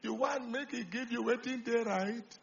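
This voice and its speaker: A Nigerian man delivers a sermon as pastor, his high voice rough with gravel. He rises into loud, fervent declarations, then drops to quiet, confiding remarks. The recording sounds a little muffled, with faint noise underneath. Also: normal speed. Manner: swings from loud preaching to quiet talk, slips into Pidgin.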